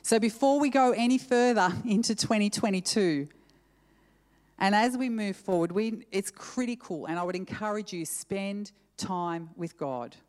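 A woman preacher delivers her sermon with earnest, conversational ease. She talks at a middle pitch, drops in casual asides, and reads verses over and over with shifting emphasis. Her voice carries a long reverb from a large hall. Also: unhurried, darkish tone.

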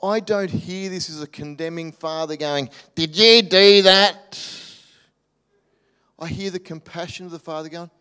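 A man preaching a sermon in a church, animated, acting out voices and dropping to soft near-whispers. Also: fairly high pitch, fairly quick, hardly any pauses, clean tone. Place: church hall. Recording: reverberant hall.

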